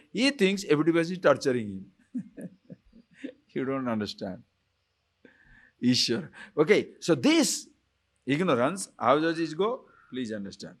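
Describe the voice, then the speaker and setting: A man giving a spiritual lecture on scripture, who keeps asking his listeners rhetorical questions, chuckles often and slowly chants Sanskrit phrases. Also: fairly high pitch. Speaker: spiritual teacher.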